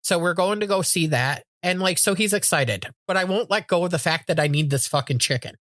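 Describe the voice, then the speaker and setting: A woman's voice: lowish voice, a little fast, no echo, clean studio sound. A middle-aged woman co-hosting a podcast, telling stories in casual chat, acting out quotes with frequent swearing. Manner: animated storytelling with acted-out quotes, frequent swearing. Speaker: podcast co-host.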